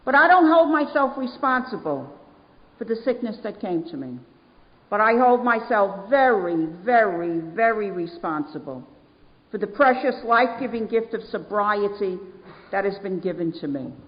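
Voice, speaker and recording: A woman's voice: mid-range voice, lively intonation, moderate pace, lo-fi sound. New woman in a reverberant hall. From New York. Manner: storytelling, emphatic repetitions. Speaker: AA speaker. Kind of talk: recovery talk to a meeting. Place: meeting hall.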